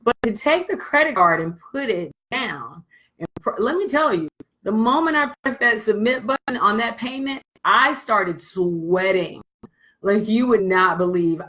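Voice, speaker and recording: Blunt, animated woman business coach. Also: mid-range voice, unhurried, poor audio. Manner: blunt and animated, swears freely. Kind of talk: candid motivational storytelling to camera.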